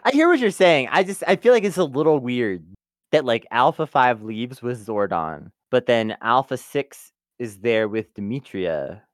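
A man co-hosting a podcast, talking through his doubts in a casual way. His pitch moves up and down a lot, and the recording is dry and close. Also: very animated, moderate pace, no echo. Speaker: podcast co-host. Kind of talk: casual chat.

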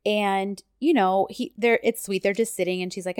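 A woman's voice: mid-range voice, fairly even intonation, normal speed, a little mellow, clean tone, no room sound. A woman co-hosting a casual chat, retelling episode scenes and quoting the characters' lines. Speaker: podcast co-host recapping a TV series.

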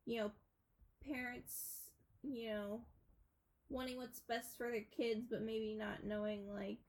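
A woman's voice: on the high side, flat delivery, slow pace, poor audio. A young woman co-hosting a casual podcast, rambling through a film plot with frequent filler words. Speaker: podcast co-host. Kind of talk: casual chat retelling a film.

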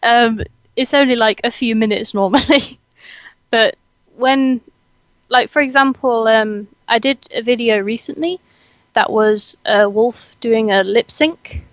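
Giggly young woman, higher voice. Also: measured pace, no room sound, muffled recording. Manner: giggly, chatty, self-deprecating. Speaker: host, student. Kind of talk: casual chat.

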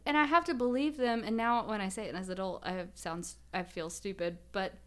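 A woman's voice: medium pitch, brisk, fairly bright tone. A young woman co-hosting a casual podcast, telling stories in a rambling way with lots of laughter and fillers. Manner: rambling, laughs often, filler-heavy storytelling. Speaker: podcast co-host. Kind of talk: casual chat.

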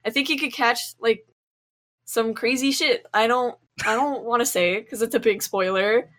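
A woman's voice: on the high side, normal speed, fairly bright tone. A woman guesting on a podcast, chatting casually, rambling with lots of fillers and casual swearing. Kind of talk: casual chat.

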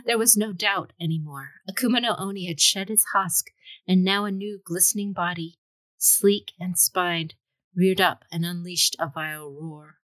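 A woman's voice: lowish voice, normal speed, fairly bright tone, no echo, low-quality recording. A woman reading a fantasy story aloud with dramatic storytelling. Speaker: audiobook reader. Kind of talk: scripted fantasy narration.

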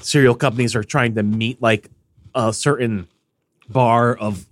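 A man's voice: mid-range voice, unhurried, no room sound. A man co-hosting a casual podcast, joking and sniffly as he banters with his partner. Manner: animated, jokey, sneezing and sniffly. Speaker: podcast co-host.

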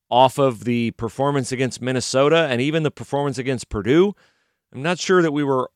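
Man, middle-aged, sports talk host, casual opinionated monologue, dry close sound, medium pitch. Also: smooth, dry recording. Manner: opinionated, conversational, animated.

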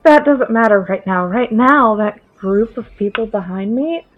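Woman, tabletop player, chatty, higher voice, lo-fi muffled sound. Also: lively intonation, normal speed. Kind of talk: casual tabletop play. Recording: dull lo-fi mic.

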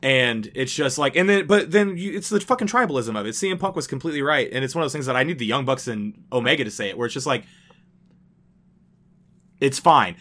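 A man co-hosting a casual podcast, ranting in an animated, exasperated way and swearing freely. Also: mid-range voice, fairly quick. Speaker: podcast co-host.

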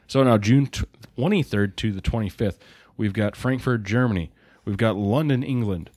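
A man's voice: on the low side, moderate pace, darkish tone, no room sound, clean studio sound. A man hosting a casual podcast, joking while reading out event dates and places. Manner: joking, reads lists of places. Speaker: podcast host.

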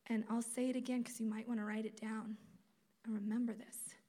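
A woman giving a sermon at a conference, conversational and animated, acting out quotes as she teaches. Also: a little high, brisk. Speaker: speaker at a campus ministry conference.

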